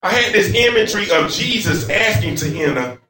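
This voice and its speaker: A man preacher delivering a fervent sermon in a church, moving between shouts and hushed passages. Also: high-pitched, expressive, normal speed, soft background music. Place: church sanctuary. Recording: echoey church from far off.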